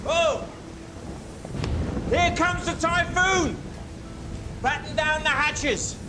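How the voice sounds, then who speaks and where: Brisk, jokey maths teacher. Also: male voice, high-pitched, lively intonation. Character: brisk, joking male British maths team leader. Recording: film soundtrack with music under the voice.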